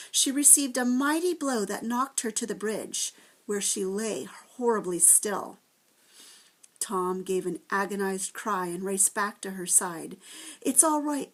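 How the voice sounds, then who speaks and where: A woman teacher reading a chapter book aloud to first graders, with gentle, expressive storytelling. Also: fairly high pitch.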